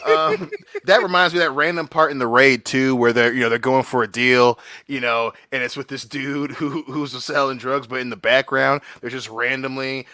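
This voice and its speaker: A man's voice: medium pitch, moderate pace, no echo. A man co-hosting a pop culture podcast in loose, crude comic banter, laughing often. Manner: loud laughing, bursts into mock voices. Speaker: podcast co-host. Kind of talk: casual comedic banter.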